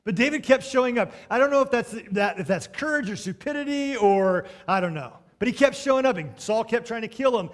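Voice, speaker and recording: High-voiced man preaching an animated sermon. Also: a little fast, few pauses. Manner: animated, swings between loud and hushed; joking asides to the congregation. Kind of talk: storytelling sermon.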